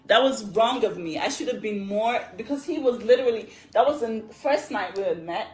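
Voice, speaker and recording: A woman casually telling a story on a phone livestream, chatty and animated, laughing often. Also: fairly high pitch, a little fast. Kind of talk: casual live story time.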